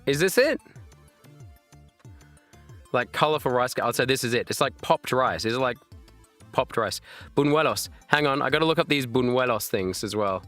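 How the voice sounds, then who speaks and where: A man in his thirties talking on a live stream with a lively, swooping delivery and a bright, forceful edge to his voice. He reacts loudly to chat and laughs often while he battles hiccups, and faint music plays behind him. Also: medium pitch, normal speed, long pauses. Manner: animated, laughing, reacting to chat with loud exclamations.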